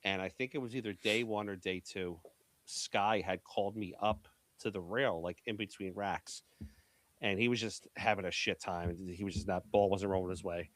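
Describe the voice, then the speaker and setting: A man's voice: low-pitched, steady tone, moderate pace, no room sound. A man from Philadelphia telling brash, profane stories in a casual podcast chat. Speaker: pool media executive, guest.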